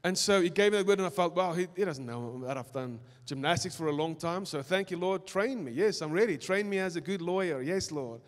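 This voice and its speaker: A young South African man preaching a sermon, telling his own story in an animated way that swings between loud and soft. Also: high voice, a little fast, hardly any pauses. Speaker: pastor. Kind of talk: sermon with personal testimony. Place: church auditorium. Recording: reverberant church hall.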